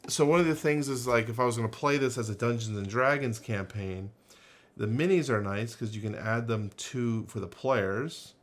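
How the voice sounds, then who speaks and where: A man's voice: mid-range voice, normal speed. A man hosting a casual unboxing video, rambling and thinking aloud with lots of fillers and restarts. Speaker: unboxing channel host.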